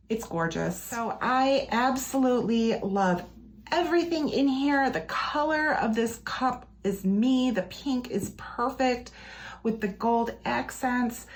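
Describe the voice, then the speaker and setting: A woman casually chatting through an unboxing for her channel, gushing with enthusiasm and peppering her talk with fillers. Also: on the high side. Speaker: planner unboxing vlogger. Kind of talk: casual product unboxing chat. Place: her office or desk area, indoors.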